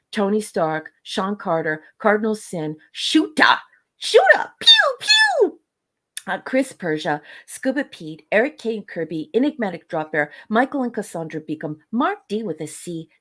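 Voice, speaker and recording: Effusive low-pitched woman co-host. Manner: effusive, gushing, warm thanks. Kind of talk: casual livestream chat.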